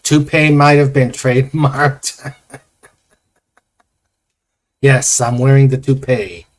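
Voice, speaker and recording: A man hosts a casual livestream, talking slowly and hesitantly in a middle-pitched voice. He rambles with frequent fillers between thoughts and reads viewer comments aloud. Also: fairly even intonation. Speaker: host.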